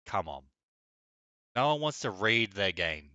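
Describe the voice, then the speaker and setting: A man's voice: on the low side, very animated, a little slow, pushed and bright, smooth, no echo, lo-fi sound. A young man chatting casually on a live gaming stream, blunt, opinionated and mocking. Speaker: game streamer.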